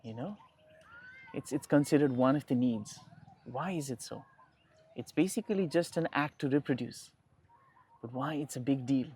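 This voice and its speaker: A man's voice: mid-range voice, moderate pace, long pauses, darkish tone, breathy edge. A young man, a podcast guest, talking reflectively in casual conversation and often restarting his phrases.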